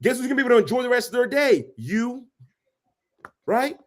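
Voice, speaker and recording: A man's voice: extremely high pitch, sing-song, brisk. A man co-hosting a podcast, giving advice in an emphatic, preachy way and repeating phrases for emphasis. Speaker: podcast co-host. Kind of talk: casual advice conversation.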